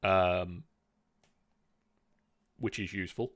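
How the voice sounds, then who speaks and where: A man's voice: deep voice, takes it slowly, no room sound. A man acting as game master, patiently reading out rules while a player builds a character over a voice call. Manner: steady, patient rule-reading with fillers. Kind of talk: explaining rules during character creation.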